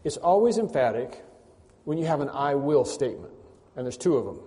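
A man's voice: a little high, big pitch swings, a little fast, warm tone. A male pastor preaching a sermon, stressing and repeating key phrases with rising force. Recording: long hall reverb.

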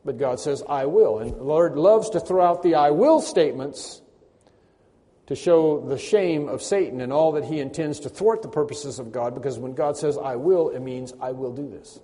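A man's voice: mid-range voice, moderate pace, warm tone. A male pastor preaching a sermon, stressing and repeating key phrases with rising force. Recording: long hall reverb.

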